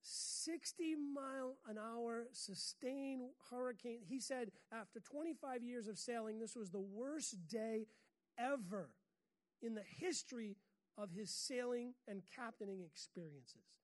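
A woman's voice: on the high side, a little slow. An American woman preaching a sermon in a chatty, humorous way, often laughing at her own stories. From United States.

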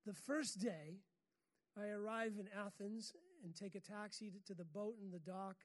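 A woman's voice: medium pitch, steady tone, normal speed. An American woman preaching a sermon in a chatty, humorous way, often laughing at her own stories. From United States.

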